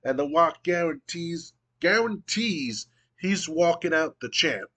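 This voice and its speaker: A man reading out a trash-talking promo as a boastful male pro wrestler who speaks of himself in the third person, in a higher, drawn-out voice. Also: expressive, sharp tone, full character voice.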